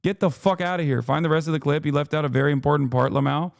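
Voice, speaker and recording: A man in the middle of a heated livestream rant, swearing and mocking as he goes. His voice is a bit high and worn hoarse from talking. The sound is dry and close to the mic. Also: fairly even intonation, fast, dry recording. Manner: angry, swearing, sarcastic rants. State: losing his voice. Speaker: streamer reacting to a video.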